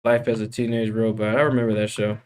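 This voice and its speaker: A man's voice: fairly low pitch, level tone, fast, darkish tone, clear, resonant tone. A young man streaming from his computer, chatting casually with his viewers and venting, full of slang like dude and bro. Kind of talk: casual live-stream chat.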